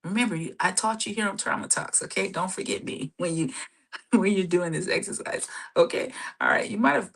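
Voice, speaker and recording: A woman hosting a live self-help session, guiding breathing and often checking in with "okay?", sometimes dropping to a soft whisper for affirmations. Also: medium pitch, brisk, gravelly, breathy edge. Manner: casual, warm-toned coaching, keeps checking in with "okay?". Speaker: therapist and show host.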